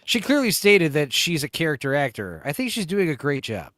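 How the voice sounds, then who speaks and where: A man's voice: on the high side, wildly swooping pitch, brisk, a bit bright, no room sound, studio quality. A man hosting a livestream in casual chat, jokey and profane, rambling between topics. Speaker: livestream host. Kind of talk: casual chat reacting to a video.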